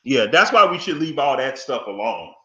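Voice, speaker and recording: Fervent preachy man, forceful voice. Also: medium pitch, sing-song, normal speed, lo-fi sound. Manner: preachy and emphatic, pleading with the audience; drawls "y'all" and scolds with folksy phrases. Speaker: commentator reacting to an interview clip. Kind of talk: fervent spoken commentary.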